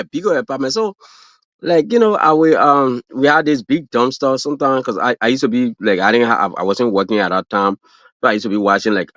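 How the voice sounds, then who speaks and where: Brief: African-accented man, casual guest, rambly, filler-heavy, mid pitch, dull dry stream sound. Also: fairly bright tone, no echo. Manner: rambling, full of fillers and restarts, laughs at his own stories. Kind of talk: casual livestream chat.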